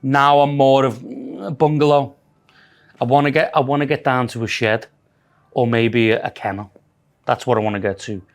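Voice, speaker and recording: A man's voice: medium pitch, steady tone, moderate pace. A man with a Scouse accent co-hosting a podcast in casual, sweary banter, mocking himself and rambling with restarts. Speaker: podcast co-host.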